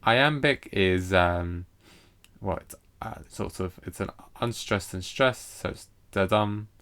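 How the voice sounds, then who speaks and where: Very deep-voiced man teaching poetry. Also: a bit bright. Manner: hesitant, lots of fillers and restarts; reads poetry lines aloud slowly with stress. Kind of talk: recorded lesson explaining a poem.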